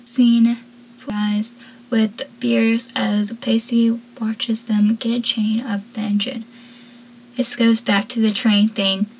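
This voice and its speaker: Soft-spoken woman recapping from notes. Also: on the high side, flat delivery, slow pace, a little hiss or hum, low-quality recording. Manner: soft-spoken, often drops to a whisper; gushing fan. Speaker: show recap vlogger. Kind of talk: casual episode recap read from notes.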